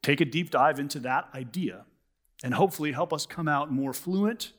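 A man's voice: on the high side, normal speed. A male pastor preaching a sermon in a church, in a casual, conversational way full of "like" and "sort of". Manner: conversational, animated, many "like" and "sort of". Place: church sanctuary.

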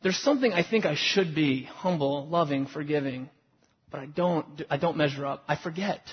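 A man's voice: fairly high pitch, normal speed, slightly rough. A man preaching a sermon to his congregation, telling self-deprecating stories about his marriage in a conversational way. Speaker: pastor. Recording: lo-fi recording with long hall reverb.

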